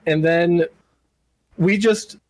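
A man's voice: high voice, drawn-out words, no echo, rough recording. A man co-hosting a casual podcast, animatedly retelling a wrestling show and often laughing. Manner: animated storyteller, laughs often, shouts impressions. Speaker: podcast co-host recapping wrestling.

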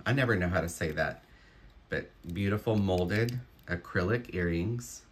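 A man with a deep, low voice talks through an unboxing of jewelry he resells. He takes his time and lingers on each find, musing aloud in an admiring way. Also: a little slow. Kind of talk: unboxing commentary.

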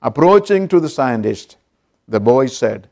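Slow-speaking preacher telling a story. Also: male voice, mid-range voice, very animated, vocal fry, a little mellow. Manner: storytelling preacher with call-outs to the congregation. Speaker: pastor. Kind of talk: sermon.

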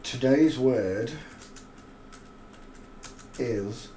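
A man hosts a live stream, talking at a middling pitch with a scornful, rambling delivery and crude asides. His voice carries the echo of a roomy space, with a faint hiss of noise underneath. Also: very slow, mellow. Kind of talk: mocking live-stream commentary.

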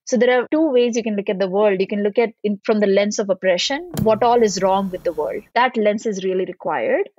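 A woman, a podcast guest, telling a deeply personal story in an earnest, reflective way. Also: brisk, hardly any pauses, a little hiss or hum. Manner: reflective, earnest, voice wavering with emotion. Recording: dull lo-fi sound with soft music.

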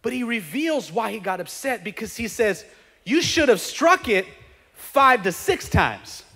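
A male pastor preaching a sermon, animated, rising to shouts at the peaks. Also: very high voice, unhurried. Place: church sanctuary. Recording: reverberant church hall.

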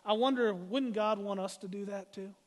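A man preaching a sermon as pastor, emphatic and slowing down to read scripture. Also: high voice, long reverb tail.

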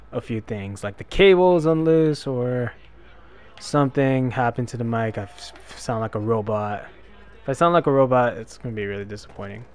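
A man's voice: mid-range voice, darkish tone. Young guy rambling over his gameplay, mid voice, talks back at the game. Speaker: gaming YouTuber. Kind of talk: casual let's-play commentary. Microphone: desk microphone.

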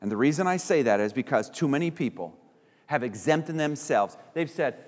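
A man's voice: medium pitch, expressive, normal speed, a little mellow. A man preaching a sermon as pastor, acting out little voices of the people he quotes. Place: church sanctuary. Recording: church hall reverb.

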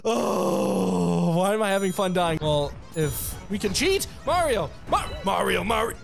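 A man giving excitable let's play commentary, laughing often and breaking into yelps and shouts. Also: sits high, unhurried, vocal fry. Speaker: gameplay commentator. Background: video game music.

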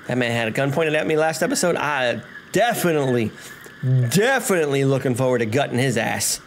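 Brief: male let's-play host, casual and profane, very animated, background hiss. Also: medium pitch, a little fast. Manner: profane, excitable, laughing. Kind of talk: casual game commentary. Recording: noisy home recording.

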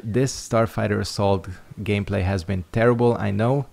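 Gravelly low-voiced man musing over gameplay. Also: normal speed, hardly any pauses, a little mellow. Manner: rambling, reflective, many fillers. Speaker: YouTuber. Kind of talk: casual talk over gameplay.

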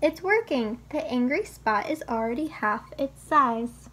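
Brief: a woman reading a children's book aloud, gentle and instructive, with a bright, high voice. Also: animated, measured pace, slightly rough. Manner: gentle, teaching tone, speaks to the child listener. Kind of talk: storybook read-aloud.

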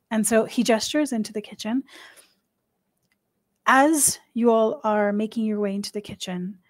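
A woman game master narrating a tabletop game in an unhurried, descriptive way. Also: on the high side, fairly even intonation, no room sound.

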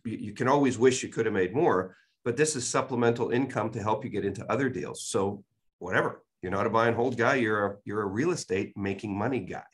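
A man's voice: lowish voice, fairly quick. An older man, a guest real estate expert on a podcast, telling stories and giving emphatic, folksy advice. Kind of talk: podcast interview.

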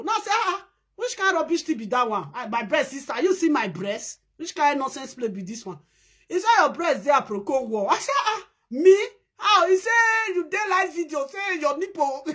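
Excitable high-voiced Nigerian woman. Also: slightly rough. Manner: excitable, laughing, shouting bursts, mimics others. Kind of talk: animated gossip monologue in Pidgin.

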